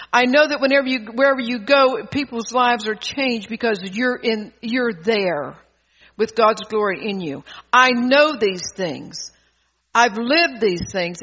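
A man with a very high, bright and forceful voice delivers an impassioned sermon. His words ring out with a long hall reverb on a dull, muffled recording. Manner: impassioned, fervent preaching with rhetorical questions. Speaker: preacher. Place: church service.

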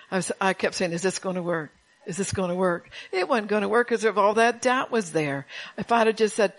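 A woman's voice: on the low side, poor audio. Woman preacher, folksy and chatty, laughs between points and calls out to the congregation. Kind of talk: sermon.

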